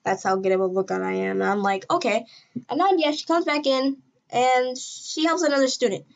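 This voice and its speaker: A woman narrates a casual storytime in a slightly high voice. She rambles and restarts, then leaps up in pitch and loudness when she gets excited. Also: brisk, vocal fry.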